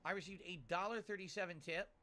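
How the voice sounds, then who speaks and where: Animated, rambling middle-aged streamer. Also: male voice, high-pitched, quick pace. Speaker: streamer reading viewer tips. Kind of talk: casual livestream talk.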